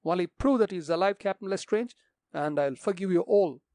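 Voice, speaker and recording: A man's voice: high-pitched, a little fast, a little mellow, dry recording, studio quality, voice pushed up. A man voicing a distraught young woman, an heiress, who pleads and argues in agitation. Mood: pleading.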